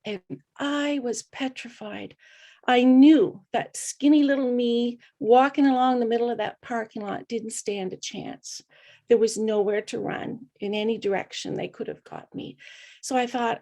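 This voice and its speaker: A middle-aged woman, a podcast guest, telling her personal story in an earnest, reflective way with hesitant pauses. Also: on the high side, steady tone, dark tone. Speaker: guest speaker.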